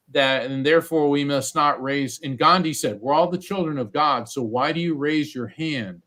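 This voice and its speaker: Male guest, mid-pitched, chatty storyteller who slips into quoted voices. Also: fairly bright tone. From United States. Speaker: psychic medium guest. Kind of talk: storytelling interview.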